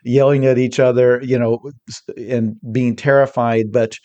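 A man as a podcast guest in a casual discussion, talking in an animated way and quickly acting out quotes. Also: medium pitch, dull audio.

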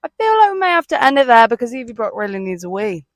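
A woman's voice: on the high side, sing-song, fast talker, no room sound. Easygoing woman hosting a podcast. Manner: rambling, easygoing, many "like" fillers. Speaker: podcast host. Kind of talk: casual chat. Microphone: podcast mic.

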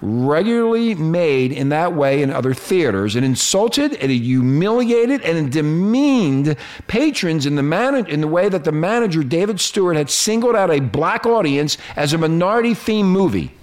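A man's voice: a little high, sing-song, normal speed, a little mellow. A male radio host ranting with lots of profanity in casual banter.

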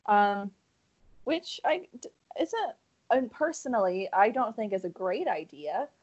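A woman from Canada co-hosting a podcast, speaking in a relaxed casual chat with dry humor. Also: medium pitch, measured pace. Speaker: podcast co-host. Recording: dull lo-fi sound.

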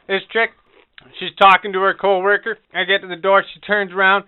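A man's voice: high-pitched, normal speed, clear, resonant tone, dry recording. A man telling a heated, profane story in casual podcast chat. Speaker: podcast co-host. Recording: tinny phone-like sound.

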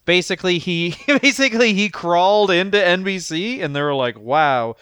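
Man, podcast co-host, animated and swearing, smooth clear voice, dry close mic. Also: high-pitched, fairly quick, dry recording. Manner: animated, profane, laughs often. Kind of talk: casual comedic chat.

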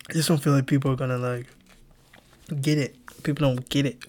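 A young man hosting a personal podcast, talking in a subdued, halting way with lots of fillers, restarts and casual slang. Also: little pitch movement, a little mellow. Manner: subdued, low-key delivery. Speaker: podcast host.

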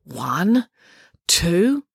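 A woman's voice: fairly low pitch, sing-song, very slow, creaky, husky, no room sound, clean studio sound, full character voice. A woman voicing a bold, sarcastic, bossy girl in a storybook reading. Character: bold sarcastic girl, a fearless big sister.

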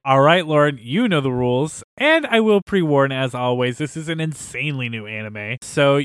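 A man's voice: medium pitch, lively intonation, normal speed, a bit bright, smooth, no echo, soft background music. Man hosting with dry wit. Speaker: podcast host. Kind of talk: casual chat.

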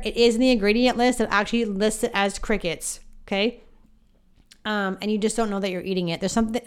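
A woman's voice: medium pitch, smooth. A woman hosting her own podcast as a psychic medium, talking in a chatty, rambling way full of asides and fillers. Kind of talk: casual podcast monologue.

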